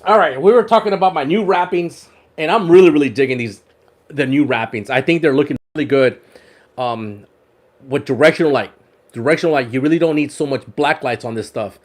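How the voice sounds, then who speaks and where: A man with a slightly high voice hosts a fishing livestream. He chats casually while showing off his rod wraps, repeats words and laughs often. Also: brisk.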